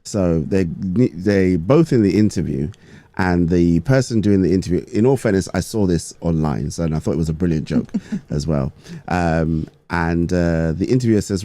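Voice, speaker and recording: Jokey guy cohosting, low mellow voice, dry close sound. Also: moderate pace, no room sound. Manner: jokey, animated. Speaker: co-host. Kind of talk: casual chat.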